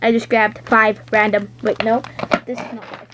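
A giggly, chaotic girl narrates her toy role-play and hops quickly between voices. Her voice sits a little high. Steady hiss comes from a noisy home recording. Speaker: toy play video maker.

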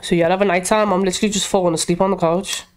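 A woman's voice: on the low side, steady tone, very fast. A young woman, chatting and reacting as she plays a horror game, talking to herself and shrieking when scared. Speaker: gaming YouTuber. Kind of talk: casual let's-play commentary.

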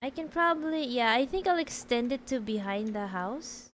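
A woman's voice: a little high, animated, moderate pace, slight background noise, poor audio. A woman streaming a game, chatting casually, answering chat and laughing often.

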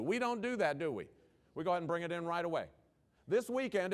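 Rapid-fire folksy male keynote speaker. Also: high-pitched, very animated. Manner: punchy rhetorical questions, folksy humor. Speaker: education speaker, former principal. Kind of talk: conference keynote talk.

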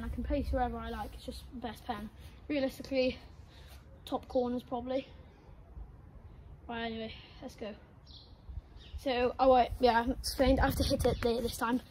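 A woman's voice: on the high side, noisy background. A young woman, vlogging football shots in her garden, chatty, self-mocking and out of breath. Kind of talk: casual outdoor football vlog. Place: garden, outdoors.

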